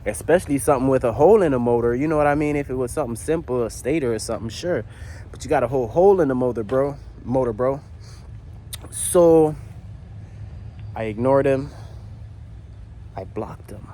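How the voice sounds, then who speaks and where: Garage vlogger, male, from the Virgin Islands, mid-pitched voice, talks loose and slangy, rambles through his story, faint background hiss. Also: brisk, long pauses, dark tone. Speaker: motorcycle builder. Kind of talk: casual vlog talk. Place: home garage.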